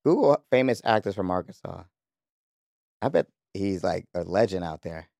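Casual podcast co-host: man, low gravelly voice, slangy and upbeat, dry close mic. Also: animated, moderate pace, a little mellow, no echo. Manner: loose, slangy, enthusiastic. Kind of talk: casual chat.

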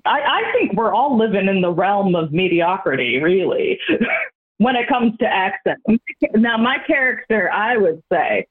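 A woman's voice: medium pitch, big pitch swings, unhurried, breathy edge. A woman calling in to a podcast, chatting casually and laughing at herself as she talks. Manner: laughing, self-deprecating. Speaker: caller. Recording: tinny phone line.

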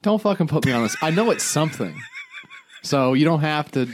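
A man co-hosting a loose comedy podcast, his pitch swinging lively up and down as he teases and riffs. He sounds casual and playful, firing off jokes at his co-host. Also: a little fast, slight background noise. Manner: playful, teasing, riffing with jokes.

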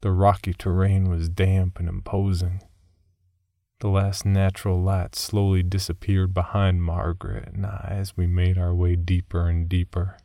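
A man reading a first-person horror story aloud in a measured, somber scripted narration. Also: deep voice, monotone, gravelly, mellow, no room sound, studio quality.

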